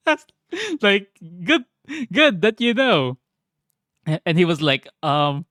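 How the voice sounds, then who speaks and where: Vlogger man, slow relaxed storytelling, dry close sound, quick to laugh. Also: fairly high pitch, dry recording. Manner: laughs often, swears, animated. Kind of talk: casual travel storytelling.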